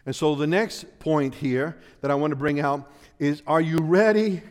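A man preaching a sermon, slow and emphatic, building to loud, pleading peaks and then falling low. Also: long reverb tail. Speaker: pastor.

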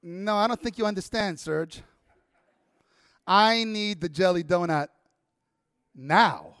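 A man's voice: high-pitched, slow pace, fairly bright tone, clean tone, no room sound, clean studio sound, heavily acted. A man voicing his insistent wife as she demands a sweet late at night, in a sermon story.

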